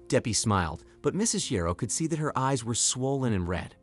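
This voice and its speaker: A man giving scripted story narration in an even, clear delivery. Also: medium pitch, fairly quick, faint music behind.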